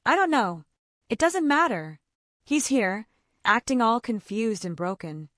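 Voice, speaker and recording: A woman's voice: fairly high pitch, sing-song, unhurried, a bit bright, no echo, studio quality. A woman reading the lines of a scheming, desperate young husband who snaps and whispers. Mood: frantic. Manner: snapping, strained whispers.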